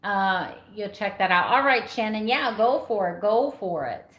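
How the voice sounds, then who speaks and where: A woman in her fifties chatting casually on a live stream, animated and sarcastic, laughing often. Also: mid-range voice, a little slow, echoey room. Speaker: vlogger.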